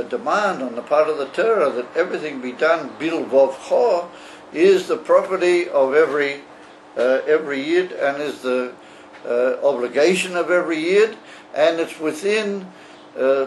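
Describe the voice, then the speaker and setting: A rabbi teaching a class on a religious text, explaining slowly and haltingly with frequent pauses and fillers. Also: male voice, fairly high pitch, slight background noise, rough recording.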